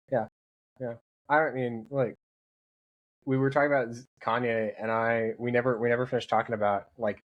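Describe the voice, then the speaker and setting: Young man rambling in casual chat. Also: medium pitch. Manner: joking, rambling, self-interrupting. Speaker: podcast guest.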